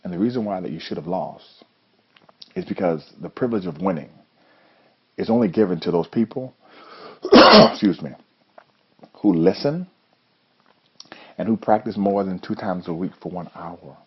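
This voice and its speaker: A man's voice: low voice, very animated, normal speed, vocal fry, long pauses, husky. A man from Florida giving an earnest, motivational storytelling monologue as a judo coach and show host. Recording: dull lo-fi recording.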